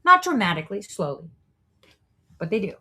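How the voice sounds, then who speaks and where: A woman's voice: medium pitch, big pitch swings, moderate pace, sharp tone, breathy edge. A woman hosting a show, delivering a preachy, profane monologue full of rhetorical asides. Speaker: show host. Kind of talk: monologue commentary.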